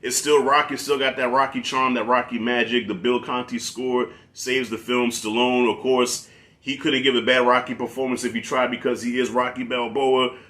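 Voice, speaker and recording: Bright-voiced, chatty male film reviewer. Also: mid-range voice, moderate pace. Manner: animated, chatty, frequent restarts. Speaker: guest movie reviewer. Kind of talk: casual conversational film review.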